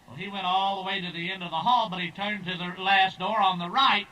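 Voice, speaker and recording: A man's voice: high voice, steady tone, fairly quick, bright, forceful tone, dull audio, a little hiss or hum. A man telling folksy jokes on stage, drawling through long stories and slipping into character voices. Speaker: stand-up comedian. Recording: distant, old tape transfer.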